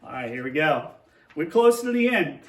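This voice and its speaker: A man's voice: on the high side, big pitch swings, normal speed, fairly bright tone, roomy sound, recorded from a distance, slight background noise. A man teaching young children, playfully reading a tongue-twister picture book aloud and then explaining a math lesson at a board.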